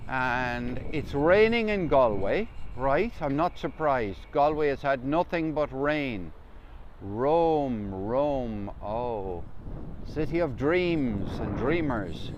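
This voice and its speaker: Lively man ranting outdoors. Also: medium pitch, dull audio, slight background noise. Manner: chatty, greets viewers, builds into an indignant rant. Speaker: livestream host. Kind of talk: live morning vlog, reading viewer comments. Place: outdoors by a river, windy. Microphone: phone.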